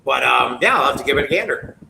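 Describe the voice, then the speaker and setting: A man's voice: mid-range voice, expressive, quick pace, gravelly, bright, forceful tone. A man co-hosting a casual horror podcast, talking loosely and rambling, with frequent swearing. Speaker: podcast co-host. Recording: echoey room with background noise.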